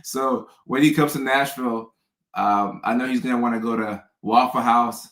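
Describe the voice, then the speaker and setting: A man from the American South chats casually at a middle pitch, winding through stories with restarts and repeated words. His voice bounces around a noticeably echoey room. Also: steady tone, normal speed, fairly bright tone. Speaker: host. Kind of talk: casual chat.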